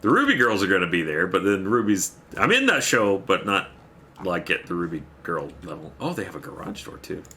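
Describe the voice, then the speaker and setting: A man's voice: low-pitched, sing-song, brisk, sharp tone. A man livestreaming a game, chatting casually, rambling and thanking viewers by name as he plays. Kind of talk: casual chat while playing a game.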